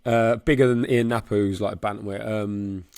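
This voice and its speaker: A man co-hosting a podcast, throwing in quick jokey remarks and swearing in a casual chat. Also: on the low side, fairly even intonation, gravelly, darkish tone, clean tone. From Australia. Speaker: podcast co-host. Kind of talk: casual banter.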